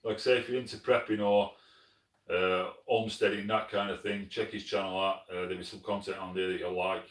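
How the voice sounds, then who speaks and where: A man's voice: low voice, flat delivery, brisk, fairly bright tone, recorded from a distance. A man with a South Yorkshire accent hosts a live stream from his lodge, answering viewer comments in a friendly, plain-spoken way and often calling people mate. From Sheffield, South Yorkshire, England. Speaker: hunting channel host. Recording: echoey room, mic some way off.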